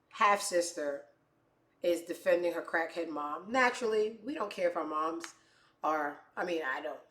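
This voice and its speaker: A woman's voice: lowish voice, fairly bright tone. A woman hosting a comedy commentary show, delivering a heated, profane rant with blunt swearing. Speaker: show host. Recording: echoey room.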